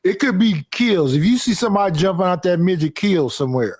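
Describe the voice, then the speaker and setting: A man in a casual panel debate, animated and telling stories by acting out what people say. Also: high-pitched, brisk, dry recording, clean studio sound. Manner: animated storyteller, acts out quotes.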